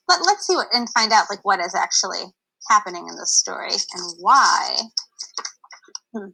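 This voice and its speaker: A woman's voice: medium pitch, moderate pace, creaky, sharp tone, breathy edge, poor audio. A young adult woman reading a picture book aloud to children on a livestream, stopping to explain words in a chatty way.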